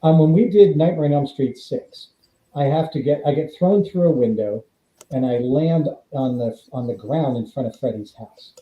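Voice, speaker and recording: Phone-quality, reverberant sound carries a middle-aged former stuntman's mid-range voice at normal speed. Appearing as a podcast guest, he tells stories with animation and plays out the dialogue he quotes.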